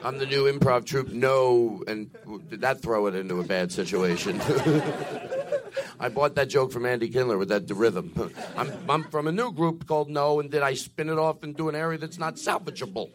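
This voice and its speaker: A man's voice: mid-range voice, big pitch swings, normal speed. A man hosting a live comedy podcast on a club stage, teasing his guests and slipping into silly voices.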